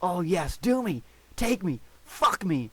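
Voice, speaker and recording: A man faking a shrill, moaning fairy woman. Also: big pitch swings, takes it slowly, a little hiss or hum, full character voice. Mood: mock ecstatic. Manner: loud, high, exaggerated moaning. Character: moaning female fairy lover, breathless.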